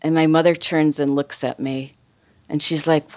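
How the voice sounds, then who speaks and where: Brief: low-pitched woman, wry live storyteller, chatty, filler-heavy delivery. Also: normal speed. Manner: wry, conversational, many fillers.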